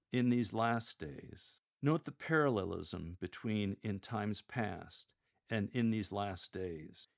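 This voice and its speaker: A man giving measured, explanatory coaching on how to read scripture aloud, slowing down to model the phrasing. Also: fairly low pitch. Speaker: lector coach. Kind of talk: instructional talk on reading scripture aloud.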